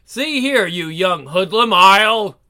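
A man's voice: extremely high pitch, very animated, measured pace, a bit bright, full character voice. A man voicing a jealous, hot-tempered young man who scolds. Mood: angry.

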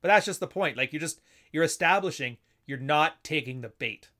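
A man's voice: a little high, expressive, normal speed, bright, forceful tone. A man giving casual, unscripted commentary, often acting out little dialogues in shifting voices. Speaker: commentator explaining assertiveness techniques.

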